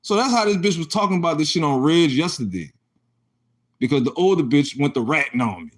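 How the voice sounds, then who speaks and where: A man's voice: fairly high pitch, a little fast. A young adult man telling a casual, profanity-laced story about his own life, acting out the exchanges he describes. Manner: profane, animated, acts out quoted exchanges.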